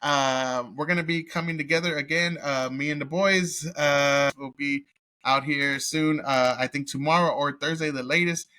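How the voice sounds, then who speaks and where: A man's voice: on the high side, fairly even intonation, normal speed, pushed and bright. A man giving a casual, rambling movie review, swearing constantly and laughing as he retells scenes. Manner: profane and rambling, heavy cursing with filler words; amused, laughs while telling the story. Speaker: vlogger reviewing a film.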